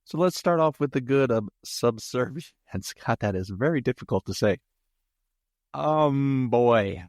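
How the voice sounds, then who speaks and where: A man's voice: mid-range voice, lively intonation, unhurried, a little mellow, no echo, clean studio sound. Joking man reviewing a movie. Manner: jokey, rambling, self-mocking asides with frequent laughs. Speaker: podcast host, movie reviewer. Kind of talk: solo podcast movie review.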